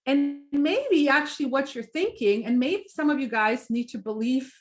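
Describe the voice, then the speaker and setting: An upbeat middle-aged woman talks through a live training session for her sales team, chatty and encouraging. Her voice sits a little high. She keeps checking in with her listeners and acts out small scenes as she goes. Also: expressive, moderate pace. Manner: upbeat, chatty, often asks "right?" and acts out little examples. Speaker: direct sales team leader.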